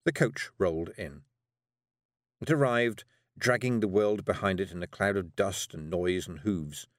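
A man's voice: sits low, a little slow, no room sound. Dry-voiced male audiobook narrator. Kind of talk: scripted fantasy narration.

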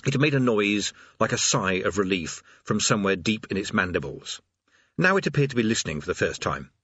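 A male narrator tells a comic fantasy tale with dry wit. His husky voice rises and falls in a lively way, heard close and dry on a slightly dull, lo-fi recording. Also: fairly low pitch, brisk, no echo. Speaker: audiobook narrator.

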